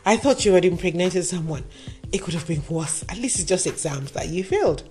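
A woman voicing a middle-aged father, loud and exclaiming. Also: fairly low pitch, lively intonation, fairly quick, faint music behind, close to an everyday voice. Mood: outraged.

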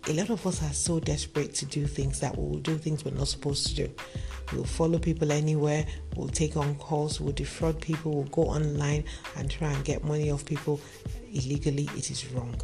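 A man's voice: fairly high pitch, little pitch movement, fairly quick, gravelly. A man telling a cautionary story and turning it into an earnest lesson, speaking directly to his listeners. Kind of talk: moral storytelling monologue. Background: music playing underneath.

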